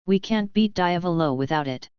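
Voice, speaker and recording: A woman reading a steady young gang captain. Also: fairly low pitch, moderate pace, clean tone, no room sound, dull audio, lightly acted. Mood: serious.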